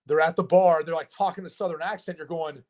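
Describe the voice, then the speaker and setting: Male podcast co-host, slightly high voice, animated and chatty, lots of fillers. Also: fast. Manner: animated storyteller with filler words. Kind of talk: casual sports chat.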